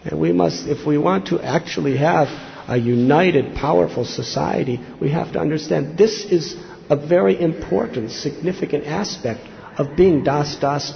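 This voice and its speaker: A man's voice: on the high side, vocal fry. A man giving a devotional sermon as a monk, telling scripture stories earnestly and acting out quoted lines with rising intensity. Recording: slightly dull lo-fi recording with faint noise.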